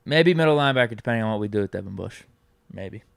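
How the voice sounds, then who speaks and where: Smooth-voiced man reading podcast chat. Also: lowish voice, animated, racing, no echo, clean studio sound. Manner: laid-back, reads comments aloud and teases. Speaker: podcast co-host reading viewer comments. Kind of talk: casual sports chat.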